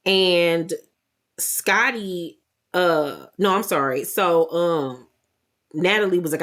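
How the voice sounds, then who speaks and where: Woman host, sassy and blunt, low-ish voice, casual show-recap commentary. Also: slow, a bit bright.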